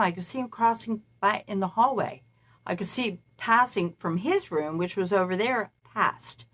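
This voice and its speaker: A woman's voice: medium pitch, moderate pace, a bit bright. A woman who calls herself a spirit medium, talking casually in a meandering monologue and recounting events at length. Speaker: self-described spirit medium.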